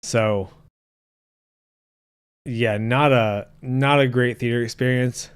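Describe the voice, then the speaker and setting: A man's voice: mid-range voice, steady tone, takes it slowly, smooth. A man hosting a casual podcast, ranting and joking crudely while reading his live chat. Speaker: podcast host.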